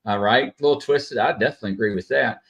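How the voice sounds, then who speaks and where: A man's voice: mid-range voice, fast, gravelly, fairly bright tone. A man hosting a casual live stream, chatty and full of "uh" fillers, greeting viewers by name. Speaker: host.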